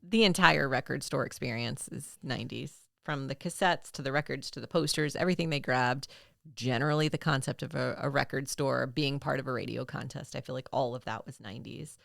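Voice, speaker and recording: A woman's voice: a bass voice, a little fast, vocal fry, a bit bright, no echo, clean studio sound. A woman co-hosting a podcast in casual chat, thoughtful and hedging. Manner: thoughtful, hedging, laughs through stories. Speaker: podcast co-host.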